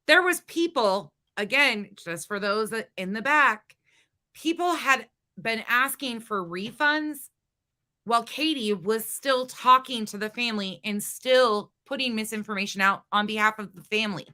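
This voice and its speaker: A woman's voice: a little high, animated, unhurried, bright, forceful tone. A woman hosting a reaction commentary, blunt, sarcastic and profane. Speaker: commentary host. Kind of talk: reaction commentary on livestream clips.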